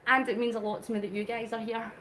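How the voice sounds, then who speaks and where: Woman vlogger, high voice, earnest and emotional, slightly winded, phone mic, faint hiss. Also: level tone, quick pace, a bit bright. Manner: earnest, emotional, reads out viewer comments. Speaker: vlogger doing a live charity cycle. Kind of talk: live-stream chat while cycling.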